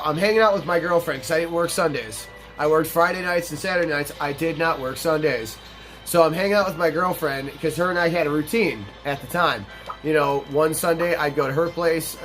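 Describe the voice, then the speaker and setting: A young man with a somewhat high voice talks over a game, swearing freely and circling back on himself as he tells a long story. Faint game music plays behind him. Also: a bit bright. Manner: profane, rambling, emphatic storytelling. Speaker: let's play host. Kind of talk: casual storytelling over gameplay.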